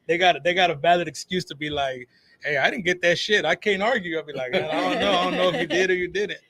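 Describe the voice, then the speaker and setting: Fast, bright-voiced man telling stories. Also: high-pitched, no echo. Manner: animated storyteller, swears freely, acts out quotes. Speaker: guest, phone repair shop owner. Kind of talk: casual talk show chat.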